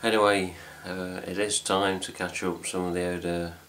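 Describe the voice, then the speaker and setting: A man's voice: low-pitched, level tone, normal speed, fairly bright tone, slight background noise. A middle-aged man with an English accent, rambling casually to camera at home as host of a fan news video, swearing lightly as he goes. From England. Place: home room with cats.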